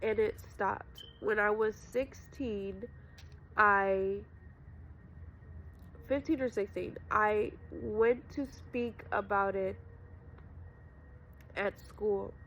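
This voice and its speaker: A woman's voice: mid-range voice, extremely slow, long pauses, a bit bright, highs cut off, slight background noise. A young woman vlogger telling her personal story to viewers, raw and profane, calling them y'all. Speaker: spiritual vlogger. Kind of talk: emotional personal storytelling to camera.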